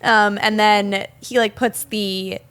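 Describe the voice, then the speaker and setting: A young woman co-hosting a casual film podcast, talking at an ordinary pitch. She retells movie scenes in a chatty, animated way, full of fillers and quick asides. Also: smooth. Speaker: podcast co-host.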